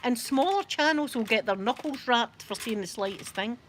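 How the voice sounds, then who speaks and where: A woman's voice: fairly high pitch, expressive, normal speed, a bit bright, a little hiss or hum. A Scottish woman chatting casually to a live audience from her rocking chair at home, rambling and laughing often. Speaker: YouTube live streamer.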